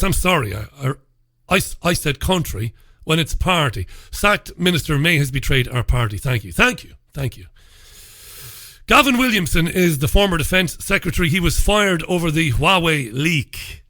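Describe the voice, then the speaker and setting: Talk show host, male, sarcastic newspaper commentary, bright voice, dry close sound. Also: on the high side, lively intonation, moderate pace, no room sound. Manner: sarcastic and mocking, laughs at his own stories; blunt and profane. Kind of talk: solo commentary reviewing newspapers.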